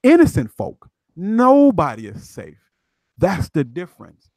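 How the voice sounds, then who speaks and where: A man's voice: high voice, huge pitch swings, unhurried, gravelly, darkish tone, dry recording. A man from Chicago talking emphatically as a guest commentator, in casual street slang.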